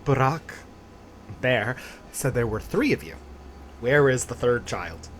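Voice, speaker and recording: A weary doctor talks sternly to a group of children, as a man reads him out. His voice is mid-pitched with a lively range. He sounds exasperated. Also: takes it slowly, slight background noise.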